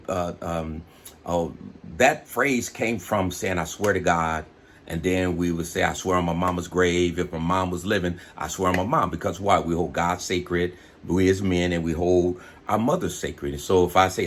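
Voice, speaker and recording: A man's voice: sits low, slight background noise. A man, a bishop, giving a plainspoken informal sermon and often asking "right?". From West Coast of the United States. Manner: plainspoken, fills pauses with "you know" and "right?". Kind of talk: informal preaching monologue.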